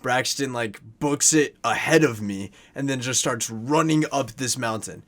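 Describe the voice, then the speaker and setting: A man's voice: medium pitch, a little slow. Rambling young man telling a story. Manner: rambling, heavy use of "like" and "you know"; gets loud and worked up when exasperated. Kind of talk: casual storytime.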